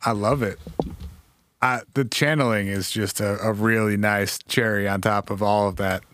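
Man, podcast host, amused quick remarks, faint background hiss. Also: on the low side, steady tone, a bit bright. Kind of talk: casual chat.

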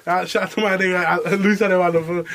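A man's voice: high-pitched, fairly even intonation, fast talker, a crowd in the background. A young man hosting a podcast, telling a story in a profane, slangy, laughing way. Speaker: podcast host. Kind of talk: casual storytelling chat.

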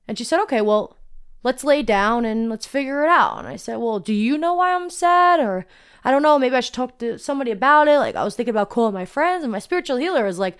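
Young woman, casual storyteller, animated, slightly high pitch, chatty with lots of "like". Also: brisk, clear, resonant tone. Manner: chatty, full of "like", acts out quoted dialogue. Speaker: vlogger telling a personal story.

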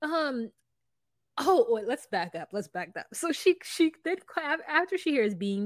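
A woman with a high voice chats through a reality show recap, laughing and acting out what people said. The sound is dry and close to the mic, like a home podcast setup. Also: takes it slowly, dry recording. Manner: animated, laughs often, acts out quotes in voices. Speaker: podcast co-host. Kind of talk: casual recap chat.

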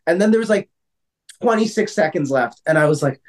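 A man co-hosting a casual podcast, telling stories in an animated way with lots of fillers and some swearing. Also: fairly high pitch, brisk. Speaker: podcast co-host. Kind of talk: casual chat.

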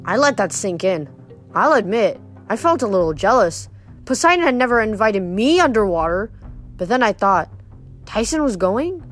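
A woman's voice: medium pitch, very animated, normal speed, soft background music. A woman reading a novel aloud expressively, with occasional slips and restarts. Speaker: reader.

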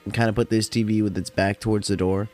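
A man with a fairly low, darkish voice speaks quickly and in a level tone over soft background music. He hosts a podcast and comes from the California desert, tired after work, telling stories in a loose, rambling, profane way and saying "like" constantly.

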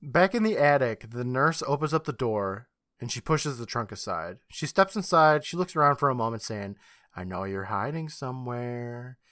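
A male podcast host recapping an episode with a lively, swooping voice that often breaks into laughter. The recording is dry and close, with no room sound. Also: mid-range voice, normal speed, no echo. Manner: animated, laughing storyteller. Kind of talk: casual chat recapping an episode.

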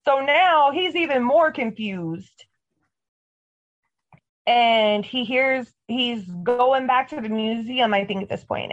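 Female co-host, higher voice, lively and cussing as she recaps, dull lo-fi audio. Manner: animated, profane, storytelling. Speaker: podcast co-host. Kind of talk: casual TV episode recap chat.

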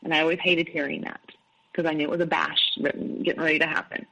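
Speaking quickly in a low, creaky voice with little pitch movement, a middle-aged woman candidly shares her experiences as an interview guest. Her tone is bright and forceful, and she recounts events by quoting what people told her. The recording is rough.

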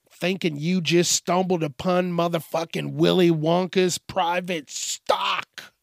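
A man's voice: fairly high pitch, gravelly, no room sound, studio quality. Profane ranting podcast host, man. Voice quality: crude, swearing constantly. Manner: animated, mock voices for quoted people. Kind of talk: profane comedic rant.

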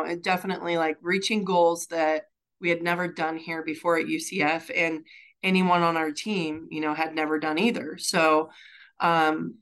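A woman, a college softball head coach, answering interview questions thoughtfully and pausing to search for words. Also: fairly low pitch, low-quality recording.

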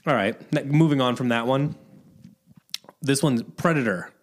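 A man's voice: mid-range voice, normal speed. Male podcast co-host, casual, dry blunt delivery. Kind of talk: casual chat.

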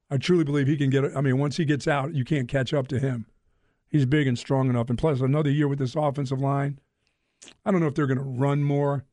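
A man's voice: medium pitch, darkish tone, no room sound, studio quality. A man co-hosting a casual sports talk show, opinionated and bantering. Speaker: sports radio co-host.

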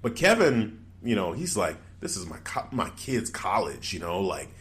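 A man with a fairly low voice talks through a casual recap, his pitch jumping around as he gets into it. He laughs often and acts out what others said in quick little impressions. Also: big pitch swings, a bit bright. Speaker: podcast co-host. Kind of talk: casual wrestling recap chat.

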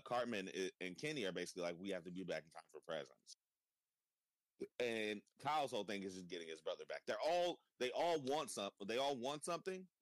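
A young man chatting casually as host, swearing freely, breaking into laughs and rambling. His voice sits low, and the sound is dry and close with no room around it. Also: no echo. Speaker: podcast host. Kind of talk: casual chat reacting to a cartoon episode.

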